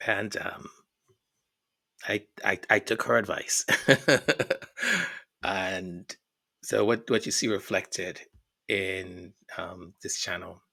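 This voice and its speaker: A man's voice: low voice, very slow, vocal fry, pauses often, sharp tone. A middle-aged man hosting his channel, chatting casually and emotionally as he reads viewer comments, often repeating words and hesitating. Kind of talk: casual chat.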